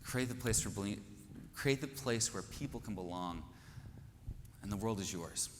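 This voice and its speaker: A man's voice: lowish voice, moderate pace. Kansas guy hosting a conference on stage, rousing and earnest, big hall echo, faint hum behind. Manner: earnest, rousing, rhetorical questions. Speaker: conference host. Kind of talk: inspirational conference speech. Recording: echoey hall with faint noise.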